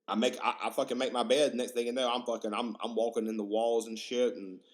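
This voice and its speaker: A man in his twenties hosting a podcast, rambling casually, swearing a lot and getting excited. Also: medium pitch, quick pace. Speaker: podcast host.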